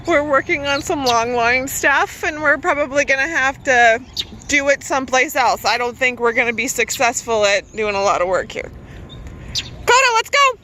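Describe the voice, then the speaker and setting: A woman dog trainer with a very high, sharp voice vlogs from a park. She speaks at an unhurried pace and gives her dog short commands and praise. Faint outdoor city noise sits behind her. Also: very animated. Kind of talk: casual outdoor vlog.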